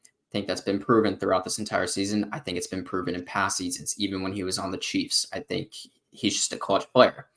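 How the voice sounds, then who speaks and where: A man's voice: low-pitched, level tone, a little fast, a bit bright. A young man co-hosting a casual sports podcast, telling a story and acting out what he said with lots of filler words. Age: young adult. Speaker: podcast co-host.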